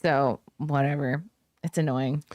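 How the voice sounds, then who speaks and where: A woman's voice: low-pitched, fairly even intonation, a little slow, a little mellow, no echo, clean studio sound. A woman hosting a podcast, chatting casually and firing off curious questions. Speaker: podcast host.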